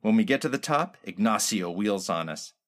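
Man, story narrator, wry, deadpan, hard-boiled. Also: on the low side, moderate pace. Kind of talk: scripted narration of a comic detective story.

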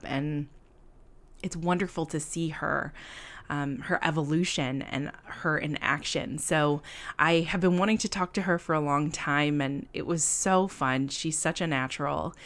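A woman hosting a podcast, with a slightly low voice. She talks in a casual, gushing and enthusiastic way and uses lots of fillers. It sounds like an easy chat with a friend. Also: unhurried. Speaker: podcast host.

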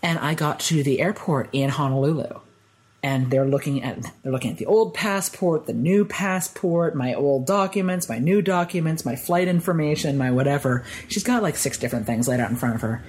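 A man guest on a podcast, telling personal stories in a rambling, animated way full of "like". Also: on the high side, normal speed, low-quality recording. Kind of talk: conversational storytelling.

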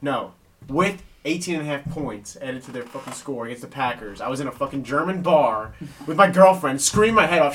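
A man with a mid-range voice co-hosts a casual sports betting podcast. He tells stories with plenty of swearing and gets animated as he goes. The mic is a little far off, with a faint hiss. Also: mid-range voice, brisk. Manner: profane storyteller, animated when telling a story. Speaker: podcast co-host.

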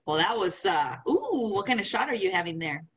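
A woman's voice: medium pitch, big pitch swings, brisk, slightly rough. A woman co-hosting a casual podcast, teasing her friend with crude slang and frequent laughs. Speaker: podcast co-host. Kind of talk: casual chat.

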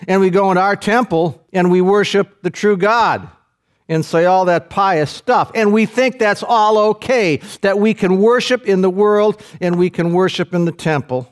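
A man's voice: moderate pace, clean tone. Male preacher painting a vivid scene. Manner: vivid storytelling, guiding listeners to picture the scene; swings from hushed low passages to raised, intense climaxes. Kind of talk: sermon.

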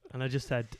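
A man's voice: sits high, a little mellow. A young man telling a self-mocking story in casual chat among friends. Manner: rambling, self-mocking, laughs at his own story. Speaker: podcast guest.

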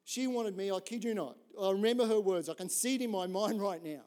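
Animated high-voiced male pastor. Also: fairly quick. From Australia. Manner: animated, conversational, often asks "right?". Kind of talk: sermon with storytelling.

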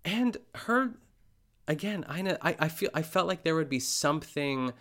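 Laughing often as he goes, a man chats casually on his podcast with plenty of filler words. He speaks fairly quickly in a voice that's a little high and fairly bright.

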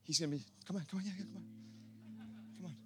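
A young adult pastor delivering an impassioned sermon, often rising to shouting. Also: male voice, high voice, racing, over music.

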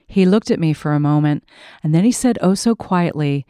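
Woman podcast host, expressive memoir reading, lowish warm voice, dry close mic. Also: normal speed, no room sound.

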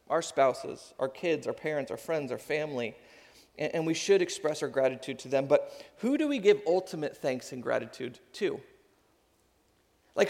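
A man in his thirties preaches in a relaxed, conversational way, his voice sitting a little high for a man. It carries the long reverb of a large hall. He moves easily between plain teaching and quick asides. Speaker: pastor. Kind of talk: sermon. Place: church sanctuary.

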